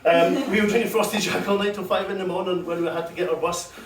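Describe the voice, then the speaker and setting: A man's voice: sits high, fairly even intonation, fast talker, a little hiss or hum. A young man doing a crude, self-deprecating stand-up set at an open mic, telling stories and laughing at himself. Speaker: stand-up comedian. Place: comedy club stage with audience. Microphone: handheld corded mic, recorded from far. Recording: echoey club room from far off.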